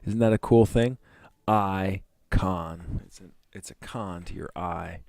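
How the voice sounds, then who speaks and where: A man with a lowish, mellow voice drifts through a loose monologue to the camera, musing aloud and now and then cursing bluntly. The sound is close and dry, with no room around it. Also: moderate pace, creaky, no room sound. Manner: meandering, musing, with blunt swearing. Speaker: vlog host. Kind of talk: casual rambling monologue.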